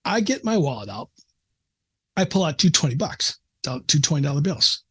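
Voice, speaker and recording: Middle-aged man guest, husky, slightly high voice, earnest storyteller. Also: very animated, normal speed, fairly bright tone. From American Midwest. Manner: earnest, emotional storyteller, frequent restarts. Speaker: psychiatrist guest. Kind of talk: casual interview storytelling.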